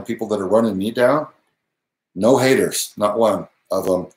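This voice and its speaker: A man's voice: fairly low pitch, darkish tone, reverberant, rough recording. A man hosting a live Q&A monologue, talking earnestly and emphatically, with short laughs and restarts. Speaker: channel host.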